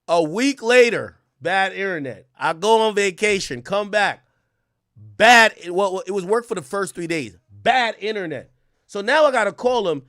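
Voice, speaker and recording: A man hosting a livestream, telling a story in casual slang, animated and sometimes loud. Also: sits high, moderate pace, no room sound, clean studio sound. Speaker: streamer host.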